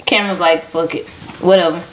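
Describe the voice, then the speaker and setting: A woman co-hosting a podcast, telling stories in a lively casual way and acting out what people said. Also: on the low side, fairly quick, a little hiss or hum. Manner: animated storytelling, acting out quoted people. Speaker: podcast co-host. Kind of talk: casual chat.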